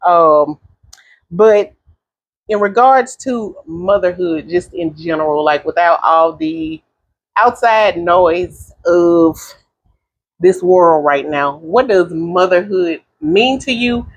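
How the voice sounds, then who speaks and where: A woman's voice: on the low side, expressive, slow pace. A woman hosting a podcast, in a chatty, encouraging way, with many fillers. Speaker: podcast host. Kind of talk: casual chat.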